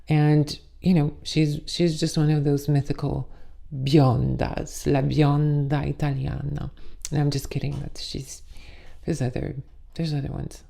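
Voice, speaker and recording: A woman's voice: deep voice, gravelly, warm tone. A woman in her thirties hosting a makeup channel, chatting casually and playfully, with jokey asides. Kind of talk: casual talking-head chat.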